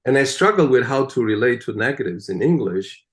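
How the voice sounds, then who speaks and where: A man being interviewed, explaining at length in an animated, emphatic way and often checking in with "right?". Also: mid-range voice, fairly quick. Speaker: guest, translator of the Psalms. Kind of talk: conversational interview.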